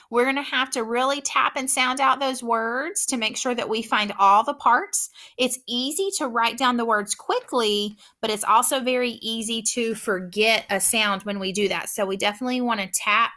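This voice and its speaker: A woman teaching a phonics lesson, patiently sounding out words slowly and clearly. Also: fairly high pitch, pushed and bright. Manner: patient, encouraging.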